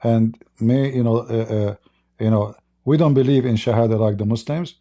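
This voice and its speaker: A man's voice: mid-range voice, moderate pace, warm tone. A man hosting a live-stream religious debate, preaching to callers and taunting challengers. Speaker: host.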